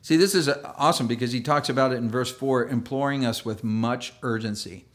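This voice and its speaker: A male pastor gives a sermon in an animated, chatty storytelling way and acts out quoted voices. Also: medium pitch, fairly quick. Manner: chatty, full of fillers and restarts.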